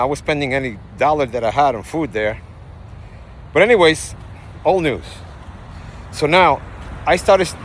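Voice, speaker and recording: Rambling Puerto Rican man vlogging outdoors. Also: a little high. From Puerto Rico. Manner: rambling, animated storytelling with frequent asides. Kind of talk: casual vlog talk. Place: outdoors in a parking lot. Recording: faint outdoor traffic noise.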